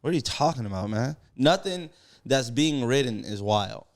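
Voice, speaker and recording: A man's voice: medium pitch, expressive, moderate pace. A man co-hosting a podcast in casual chat, telling joking stories full of slang and acting out quotes. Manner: joking storyteller, acts out quotes, heavy slang. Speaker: podcast co-host.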